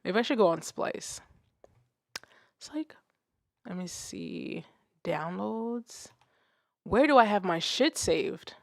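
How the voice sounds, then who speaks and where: A woman's voice: medium pitch, expressive, takes it slowly, vocal fry, no room sound. A young woman livestreaming from her music setup, chatting loosely, laughing and swearing casually. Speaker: music streamer.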